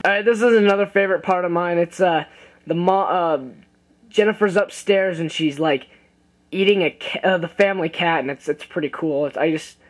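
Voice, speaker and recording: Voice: mid-range voice, normal speed, rough recording. A casual movie reviewer retelling a plot in a rambling way, full of fillers and restarts.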